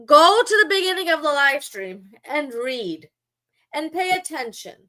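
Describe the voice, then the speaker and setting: A woman's voice: high voice, sharp tone. A woman live-streaming, talking back to her chat in a sarcastic, mocking and scolding way. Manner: scolding, lecturing.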